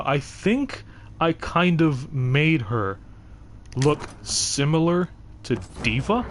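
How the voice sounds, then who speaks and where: A man's voice: mid-range voice, background noise. A young man streaming live, chatting casually in a rambling way with lots of fillers and restarts. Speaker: game streamer.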